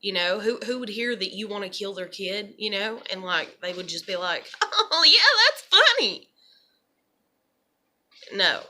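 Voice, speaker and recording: A young woman vlogging in an unplanned, rambling monologue, an animated storyteller who fills her talk with "you know". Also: mid-range voice, normal speed, few pauses.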